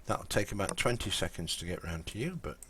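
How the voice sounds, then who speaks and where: English male streamer, low-ish voice, rambling easy chatter to viewers while he plays. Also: expressive, fairly quick, very noisy. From Lincolnshire, England. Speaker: game streamer. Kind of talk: casual live-stream commentary.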